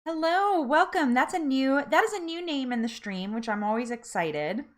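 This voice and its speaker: A woman's voice: high-pitched, expressive, normal speed. A young woman hosting a casual live-stream chat, greeting viewers and laughing often in an upbeat way. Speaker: host of a live weight loss support chat.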